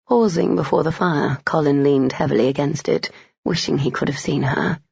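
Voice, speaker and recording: Gravelly audiobook narrator, dull lo-fi sound. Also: medium pitch, fairly even intonation, moderate pace, a little mellow, no room sound. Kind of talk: scripted narration of a romance novel.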